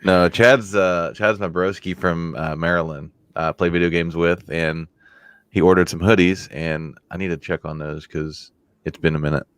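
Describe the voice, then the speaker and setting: Man, podcast co-host, casual chat, deep voice, dry close sound, jokey, chatty. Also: fairly even intonation, normal speed, clear, resonant tone, no room sound. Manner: jokey, laughs easily, chatty.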